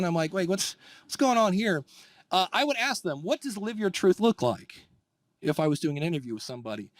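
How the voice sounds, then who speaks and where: A man with a high-pitched voice speaks at a live conference presentation. His delivery is lively and conversational, and he often slips into acted-out voices when quoting people. The sound is dry, with little room echo.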